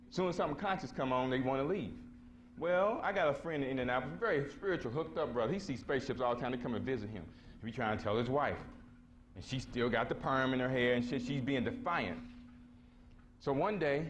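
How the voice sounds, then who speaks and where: A man with a drawl holds forth at a conference podium. His talk is street-casual and blunt, full of emphatic asides, and he slips into the voices of the people in his stories. His pitch sits in an ordinary middle register, with a faint hiss of noise behind him. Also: animated, fast. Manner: blunt, slangy and emphatic, acting out quoted voices. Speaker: conference speaker. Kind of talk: casual storytelling lecture to a live audience. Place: conference hall before an audience.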